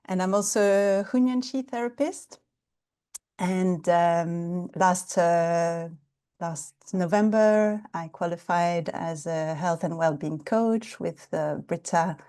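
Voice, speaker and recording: A gentle woman instructor guides a qigong class over a video call. Her voice sits a little low and sounds mellow, and she speaks slowly and calmly, with small hesitant pauses. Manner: gentle, calm, with hesitant fillers. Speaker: Chinese medicine therapist and qigong instructor.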